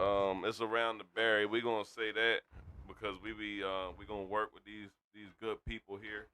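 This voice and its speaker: A man hosting a casual livestream, loud and hyped, swearing freely as he chats to viewers from a home streaming setup. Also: on the low side, smooth. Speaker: stream host.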